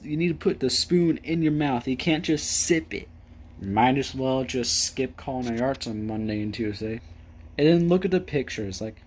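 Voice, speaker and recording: A young man reads etiquette rules aloud and mocks each one with crude, rambling sarcasm. His voice sits at an ordinary middle pitch. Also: dark tone, slightly rough. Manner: mocking, profane, rambling. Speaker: video host. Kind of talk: sarcastic reading and commentary.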